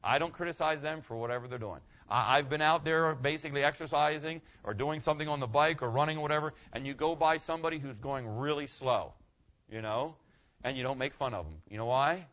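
A man's voice: on the high side, a little fast, a bit bright, lo-fi sound. An older man preaching a conversational sermon as a pastor, folksy and rambling, often asking "okay?".

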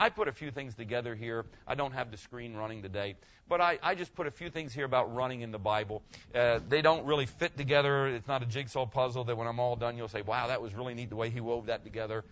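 A man's voice: mid-range voice, fairly bright tone, highs cut off. An older man preaching a conversational sermon as a pastor, folksy and rambling, often asking "okay?".

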